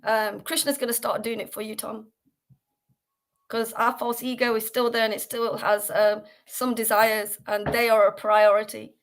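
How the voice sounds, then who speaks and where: A woman from the United Kingdom leads a casual devotional class over a livestream. Her slightly high voice runs on earnestly, full of fillers and restarts. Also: little pitch movement, normal speed.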